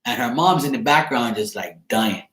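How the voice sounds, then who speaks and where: Chat host, man, mid-pitched voice, casual and animated, swears freely; echoey room. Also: normal speed. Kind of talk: casual storytelling.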